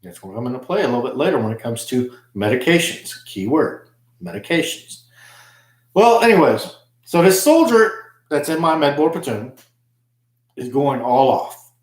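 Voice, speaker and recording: A man's voice: medium pitch, very animated, normal speed, reverberant. A man who served in the army, telling a story in an aggrieved, emphatic monologue. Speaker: army veteran vlogger. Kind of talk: casual monologue.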